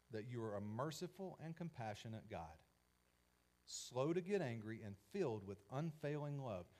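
A preacher voicing a sulking, furious prophet. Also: male voice, medium pitch, darkish tone. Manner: bitter complaining outbursts. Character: angry, sulking adult male prophet.

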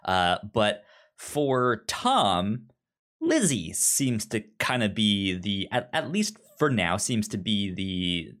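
A man's voice: fairly low pitch, big pitch swings, takes it slowly, fairly bright tone. A man co-hosting a casual book discussion podcast, often stammering and repeating the first sounds of words. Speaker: podcast co-host.

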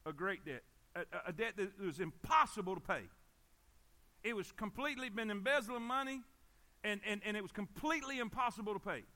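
High, bright preacher. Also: male voice, lively intonation, brisk. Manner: emphatic, repetitive, calls for amens. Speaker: pastor. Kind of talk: sermon.

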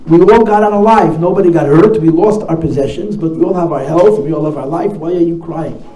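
A man's voice: on the high side, brisk, mellow, natural voice. A man voicing a little boy who earnestly comforts his mother. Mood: reassuring. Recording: echoey room, faint noise.

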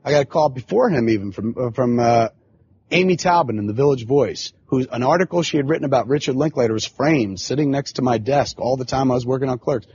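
The podcast host, a man in his forties, talks quickly in a mid-range, slightly mellow voice as he tells a long, swearing-filled story full of filler phrases. The sound is lo-fi with a little hiss or hum.

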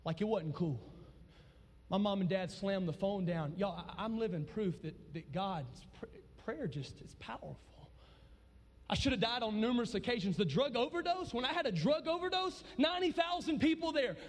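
A young man, preaching a testimony sermon and swinging from loud shouts to hushed low tones. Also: expressive, normal speed. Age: 20s. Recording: long reverb of a large hall.

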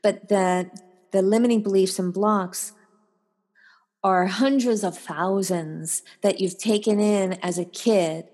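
A woman guest on a podcast interview, a life coach who tells stories with animation and acts out the voices in them. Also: slow. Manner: animated storyteller, acts out voices with big pitch jumps.

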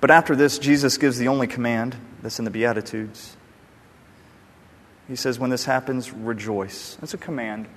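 A pastor giving an emphatic, conversational sermon. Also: male voice, mid-range voice, normal speed, long pauses. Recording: long hall reverb.

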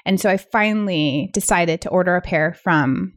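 A woman's voice: on the low side, moderate pace. A woman co-hosting a podcast in casual chat, talking with lots of fillers and asides. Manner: chatty, many fillers like "like". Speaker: podcast co-host.

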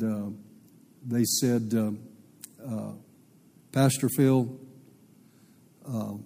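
A man's voice: mid-range voice, mellow. Folksy man preaching in an echoing hall. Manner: rambling, folksy anecdote with many fillers. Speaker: pastor. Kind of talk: storytelling sermon. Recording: long reverb of a church hall.

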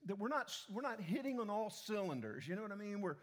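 A man's voice: high voice, sing-song, fast. A middle-aged man preaching a sermon to a church congregation, often repeating words as he restarts, with conversational asides to the people. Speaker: pastor.

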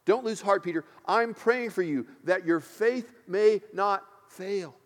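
Soft tender teacher guy reassuring a friend, pastor doing it, lots of hall echo. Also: high voice. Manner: gentle, slow and tender. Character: loving, reassuring male teacher speaking to a friend. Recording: long hall reverb.

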